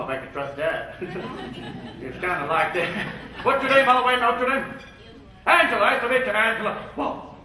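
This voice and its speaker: High, bright-voiced comic emcee in a hall. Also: male voice. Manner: rapid-fire jokes and impressions, jumping in and out of voices. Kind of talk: comic impressionist emcee routine. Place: luncheon event hall. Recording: echoey hall, far from the mic.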